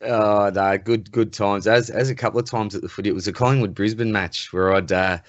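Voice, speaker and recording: Deep-voiced Australian podcast co-host. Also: male voice, steady tone, brisk, no room sound. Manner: easygoing, chuckles often. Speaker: school teacher. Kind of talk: casual chat. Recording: dry, muffled lo-fi audio.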